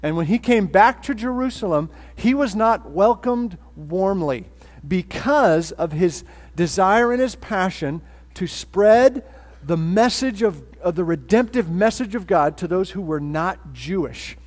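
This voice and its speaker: A man's voice: sits high, animated, measured pace. Guy pastor giving a sermon, chatty and jokey, lots of ums, big echoey church hall. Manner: casual and joking, with many fillers and restarts. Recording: long hall reverb.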